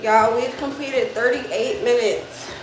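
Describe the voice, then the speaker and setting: A woman's voice: on the high side, steady tone, takes it slowly, far from the mic, over music. A woman chatting with viewers on a livestream while walking on a treadmill, laughing easily. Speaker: livestream host. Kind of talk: casual livestream chat. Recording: very echoey room, off-mic, noisy background.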